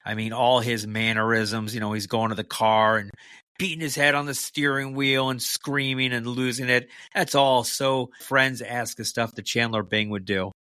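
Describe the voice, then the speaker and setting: A man co-hosting a movie podcast, talking in a casual, animated and incredulous way. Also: medium pitch, moderate pace, smooth, dry recording. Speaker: podcast co-host.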